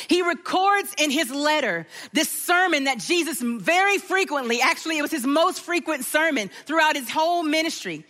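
High bright-voiced woman preaching in a hall. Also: moderate pace, hardly any pauses, soft background music. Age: middle-aged. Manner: animated storytelling, acting out voices. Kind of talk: sermon with personal story.

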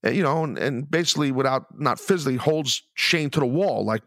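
A man's voice: mid-range voice, a little fast, fairly bright tone, no room sound, studio quality. A middle-aged man hosting his own podcast, ranting angrily and rambling with plenty of swearing. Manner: angry, profane, rambling. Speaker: podcast host.

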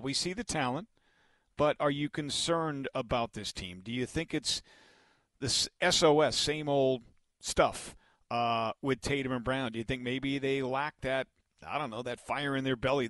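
A man hosting sports talk radio, steady and direct as he puts questions to the audience. His pitch sits in the middle range. The studio sound is close and dry. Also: dry recording. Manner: steady, asks questions to listeners. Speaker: radio host.

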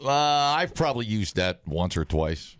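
A man co-hosting a podcast, chatting casually in a rambling, halting, self-mocking way. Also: on the low side, very animated, no room sound, clean studio sound. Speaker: podcast co-host. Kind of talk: casual chat.

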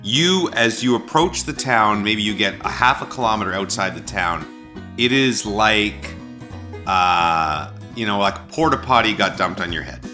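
A Canadian man hosts a casual podcast chat, his voice low and bright. He rambles through stories with plenty of restarts. Faint music plays underneath. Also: animated, normal speed. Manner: rambling storyteller, frequent restarts. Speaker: podcast host.

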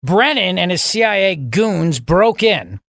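A man hosting a talk radio show, delivering a sarcastic, mocking, animated monologue to his listeners. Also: high voice, measured pace, no echo, studio quality. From Italian heritage, US.

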